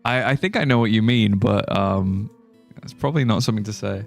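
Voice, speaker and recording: A man livestreaming a game in casual chat, excitable and laughing often, with quick exclamations. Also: on the low side, vocal fry, faint music behind. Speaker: live streamer.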